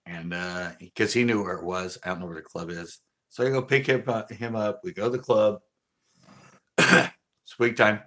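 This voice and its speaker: A man's voice: fairly low pitch, normal speed. A man hosting a casual livestream, telling a story from his youth in a rambling way with frequent laughter. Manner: laughing often, animated and rambling. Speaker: channel host.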